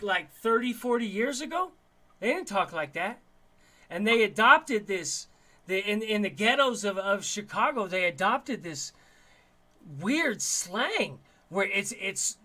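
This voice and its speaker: A man's voice: sits high, big pitch swings, measured pace, pushed and bright. A man from Denver hosting a live stream, chatting casually in slang and often repeating and restarting his words over a video call. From Denver, Colorado. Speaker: livestream host.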